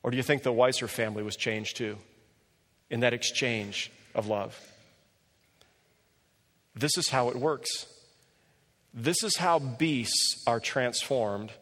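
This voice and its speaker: A man preaching a sermon and telling a story with animated delivery, often rising in pitch when he quotes people. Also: slow pace, long pauses. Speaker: pastor. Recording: long reverb of a large hall.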